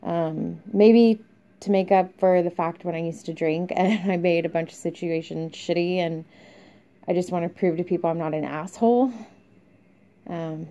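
A young woman hosts a podcast, rambling candidly through a confessional monologue dotted with fillers and little laughs. Her voice is low-leaning and dark, and the recording sounds dull and lo-fi.

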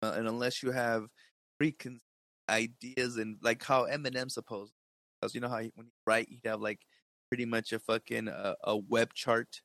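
A man's voice: mid-range voice, flat delivery, moderate pace, gravelly, fairly bright tone, no room sound. A man co-hosting a podcast in a laid-back, rambling chat, swearing freely. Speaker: podcast co-host. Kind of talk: casual chat.

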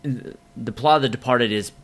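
This is a man with a bright, forceful voice, co-hosting a casual movie podcast. He talks excitedly and swears freely, with plenty of ums. His voice sits at an ordinary middle pitch. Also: measured pace. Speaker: podcast co-host.

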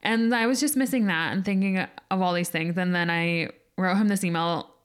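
A woman's voice: on the low side, moderate pace, clean tone. A young adult woman co-hosting a podcast, telling a personal story in casual chat, full of "like" fillers. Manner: chatty storytelling, lots of "like". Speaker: podcast co-host.

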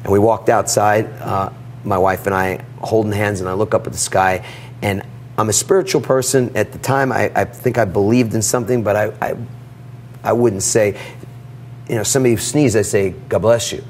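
A middle-aged man telling a personal story in an interview, animated and acting out the dialogue. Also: lowish voice, normal speed, slight background noise. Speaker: guest.

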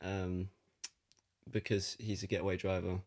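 A man's voice: low voice, level tone, measured pace, a little mellow. A man co-hosting a podcast, chatting casually in a dry, teasing, laid-back way. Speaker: podcast co-host. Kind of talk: casual chat.

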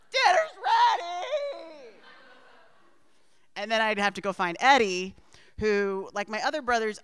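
A woman's voice: on the low side, a bit bright, smooth. A middle-aged woman telling a personal family story in a rambling way, with asides and frequent laughs.

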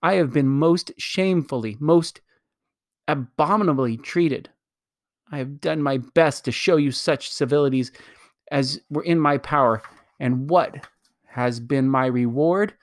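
A man voicing a fussy, pompous old gentleman who complains in aggrieved, formal speech. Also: a little slow, no room sound, clean studio sound, close to an everyday voice. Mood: indignant. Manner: pompous, aggrieved, raised pitch.

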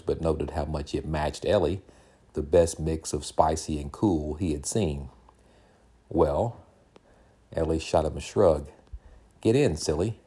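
A man hosting a podcast, reading a novel aloud in calm, steady storytelling narration. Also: extremely low pitch, slightly rough. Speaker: podcast host and reader. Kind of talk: audiobook narration.

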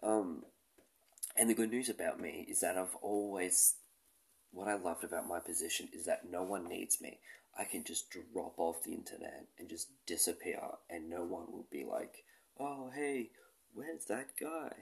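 Man, late twenties, very low voice, gravelly, casual rambling podcast monologue, self-deprecating, swears a lot. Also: steady tone, moderate pace, darkish tone. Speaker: podcast host.

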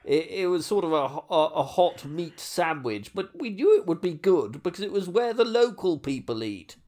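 A man playing a pompous, clueless upper-class man in a comedy sketch, with a deadpan, mock-scholarly delivery. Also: sits high, moderate pace.

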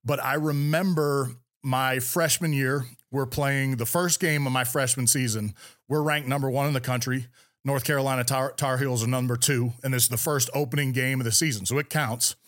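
A middle-aged man from California tells long stories at a fast clip, his voice sitting at a middle pitch. He talks with energy and often restarts or repeats words as he goes. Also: a bit bright. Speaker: podcast guest, former Navy SEAL commander. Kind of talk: storytelling interview talk.

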